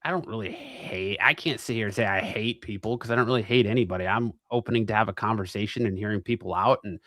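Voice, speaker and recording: A man's voice: fairly low pitch, quick pace, fairly bright tone, no echo. Crude, rambling man from Arizona. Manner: rambling, crude, self-mocking. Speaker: guest. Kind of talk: casual chat.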